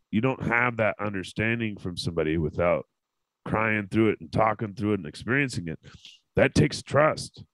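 A man's voice: fairly low pitch, fairly bright tone, dry recording, low-quality recording. A man hosting a casual panel podcast, talking candidly and emotionally with frequent swearing. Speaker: podcast host.

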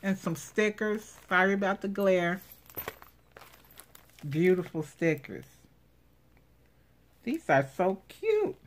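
A woman's voice: mid-range voice, very animated, slow pace, pauses often. A woman vlogger unboxing craft supplies in casual commentary, gushing and exclaiming over each item. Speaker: craft vlogger showing giveaway prize.

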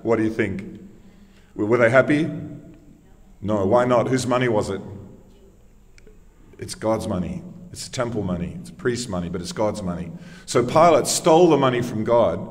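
A man's voice: lowish voice, in a large hall. A man preaching a sermon, telling the story conversationally and asking emphatic rhetorical questions. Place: church.

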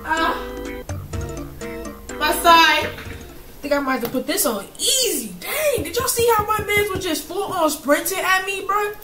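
A young gamer commentating a horror game, bursting into loud panicked screams between jokey banter. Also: very high-pitched, animated, a little slow, pauses often, music in the background, poor audio.

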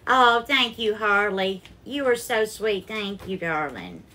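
A woman's voice: mid-range voice, sing-song, slow, bright, forceful tone. A woman from Alabama with a Southern accent hosts a casual live cooking stream from her home kitchen, greeting viewers by name and calling them darling. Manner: effusive, calls viewers darling, bubbly sing-song greetings. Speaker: home cooking livestream host.

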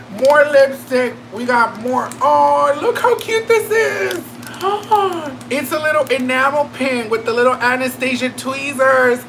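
A woman beauty vlogger chatting through a makeup unboxing, campy and excitable, gasping, squealing and tossing in slangy asides at home. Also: high-pitched, gravelly, a little hiss or hum, poor audio. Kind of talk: casual makeup unboxing chat.

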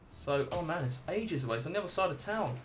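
A man's voice: on the high side, animated, fast, a little hiss or hum. A man livestreaming a video game, reacting with swearing and laughter while chatting casually with viewers. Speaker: gaming livestreamer. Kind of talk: casual let's play commentary.

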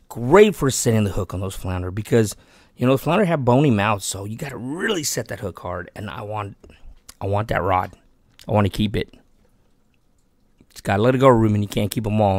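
A Texan who hosts a fishing channel chats eagerly about fishing gear and a giveaway in a casual vlog, talking himself out of keeping the gear. He's chatty and excitable, with a lowish voice in a dry recording.

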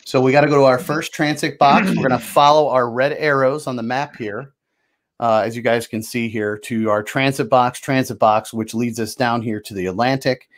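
A man's voice: mid-range voice, steady tone, normal speed. Chatty man explaining board game rules. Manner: chatty and loose, lots of fillers and self-corrections. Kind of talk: casual rules walkthrough.

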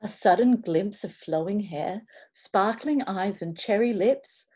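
A woman reading a children's picture book aloud over a video call, expressive and playful, slipping into whispers and little asides. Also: medium pitch, unhurried, husky. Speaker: children's storybook reader.

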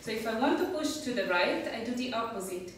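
A woman's voice: fairly high pitch, lively intonation, brisk, slight background noise. A woman teaching a belly dance class, counting rhythms and explaining steps patiently. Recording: echoey room, voice from far off.

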